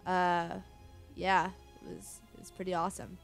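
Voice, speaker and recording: A woman's voice: fairly low pitch, normal speed, soft background music. A woman casually commenting on her own video game play, counting aloud and cursing freely. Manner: counting aloud, swears, bursts of excitement. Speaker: gaming channel host.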